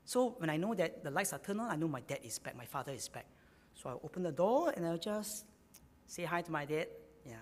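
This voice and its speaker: A man's voice: fairly high pitch, lively intonation, a little fast. Man, sermon, repeats phrases for emphasis, reverberant hall. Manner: repeats key phrases for emphasis, sometimes rising in energy. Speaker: preacher.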